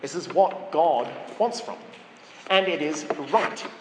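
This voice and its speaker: A man preaching a sermon in a church, measured and earnest, stressing points one by one. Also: a little high. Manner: measured, earnest, emphatic lists. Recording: echoey church hall with faint noise.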